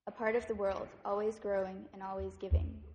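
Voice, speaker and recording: Gentle murmuring willow, read by a woman. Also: mid-range voice, little pitch movement, brisk, lightly acted. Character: gentle willow tree, female, nurturing. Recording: echoey room.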